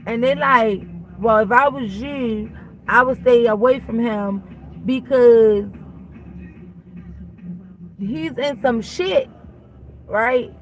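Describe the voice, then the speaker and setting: A woman with a slightly high voice hosts a vlog, talking at a slow pace with long pauses on a lo-fi recording. Her storytelling is blunt, casual and profane, and she acts out each side of the conversation with animation.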